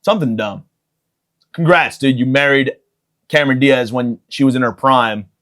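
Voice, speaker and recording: A man's voice: medium pitch, moderate pace, fairly bright tone. Profane rambling podcast man. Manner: profane, self-mocking, riffing. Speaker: podcast host. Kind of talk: rambling comedic monologue.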